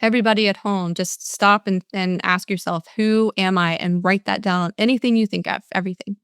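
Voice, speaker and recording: An older woman speaks in an earnest motivational talk, her voice smooth and clear. The sound is dry and close, with no room around it. She restarts phrases and plays out answers from her audiences. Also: medium pitch, fairly even intonation, fairly quick, fairly bright tone, no room sound. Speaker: speaker and coach.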